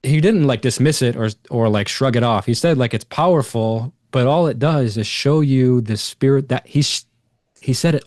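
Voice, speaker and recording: In a dry, studio-quality recording, a man with a mid-range voice speaks at a moderate pace. He's a podcast guest casually sharing a personal story, animatedly performing the other people's lines and filling his speech with many fillers.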